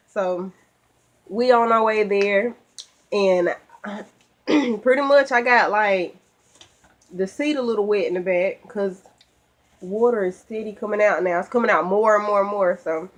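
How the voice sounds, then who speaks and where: Chatty Southern woman telling her story. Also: mid-range voice. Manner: animated, chatty, acts out her own past lines. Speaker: vlogger. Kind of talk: personal storytelling. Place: at home.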